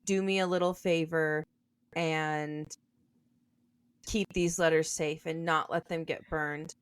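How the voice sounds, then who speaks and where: Slow-talking, low-voiced woman podcaster. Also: steady tone, clear, resonant tone, no room sound. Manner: reflective, thinking aloud. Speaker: podcast co-host. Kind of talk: casual book discussion.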